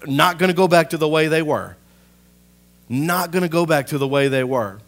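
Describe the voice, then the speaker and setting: A man, a pastor preaching a sermon. He swells to loud, impassioned peaks and then drops to a hushed, personal aside. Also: fairly high pitch, normal speed.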